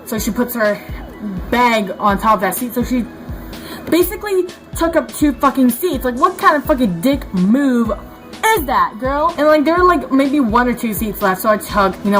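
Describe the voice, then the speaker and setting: Young woman ranting on her vlog, highish voice, cusses a lot, faint music behind. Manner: swearing, animated, lots of likes and you knows. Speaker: vlogger. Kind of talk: casual rant to camera. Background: faint background music.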